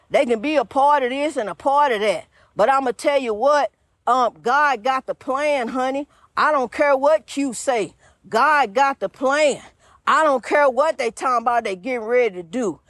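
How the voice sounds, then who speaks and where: A woman's voice: sits high, fairly bright tone, dry recording, clean studio sound. A woman preaching informally in a rhythmic, repetitive style, urging listeners on and calling them honey.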